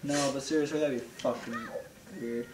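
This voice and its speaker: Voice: medium pitch, normal speed, crowd noise. A young adult player chatting casually and profanely while gaming. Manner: profane, animated, mock voices. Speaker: game player. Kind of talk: casual let's-play banter. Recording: echoey room, distant mic.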